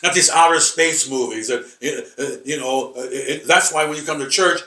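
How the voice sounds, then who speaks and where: A man teaching a rambling Bible lesson, halting and repeating words with many fillers, emphatic and combative. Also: on the high side, pushed and bright. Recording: echoey room, voice from far off.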